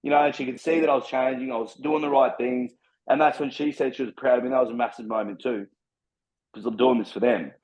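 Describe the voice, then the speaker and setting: A young Australian man talking fast and bluntly, swearing freely as he tells his story in a relaxed chat. His voice sits at an average pitch, and the recording sounds a little dull and lo-fi. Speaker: personal trainer guest. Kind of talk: casual podcast storytelling.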